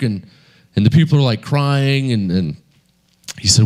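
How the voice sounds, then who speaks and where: A man's voice: mid-range voice, unhurried, pauses often, darkish tone. A man preaching a sermon in a conversational storytelling manner. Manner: conversational storytelling with many fillers.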